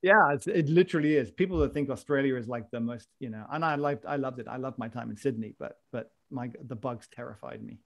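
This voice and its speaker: Male podcast host, gravelly, jokey and rambling, casual chat over a call. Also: mid-range voice, quick pace, hardly any pauses, lo-fi sound. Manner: chatty, jokey, rambling with restarts.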